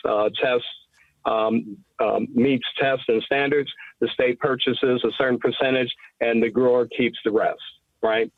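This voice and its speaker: A man's voice: medium pitch, vocal fry, dry recording. A man gives formal testimony to a committee, earnest and emphatic, pressing his points and restarting his phrases as he goes. His voice comes through a narrow, tinny phone-like line. The sound is dry, with no room around it. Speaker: public testifier.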